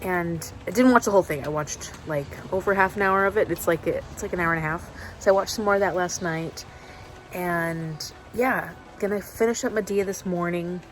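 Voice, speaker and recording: A woman's voice: fairly low pitch, normal speed. A young adult woman chatting casually to camera as a book vlogger, tired, laughing often and retelling loosely with restarts. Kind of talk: casual vlog chat to camera.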